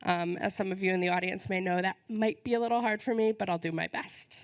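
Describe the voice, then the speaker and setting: A woman's voice: medium pitch, steady tone, fast talker. A woman hosting a conference, giving friendly, informal welcome announcements with many ums while she is losing her voice, on a stage microphone in a conference hall. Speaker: conference host.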